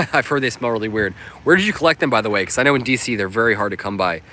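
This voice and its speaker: A man's voice: on the low side, fast talker, pushed and bright, slight background noise. A man hosting a casual outdoor livestream, answering viewer comments in an upbeat, chatty way with plenty of fillers. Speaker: livestream host. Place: outdoors on a sunny coast.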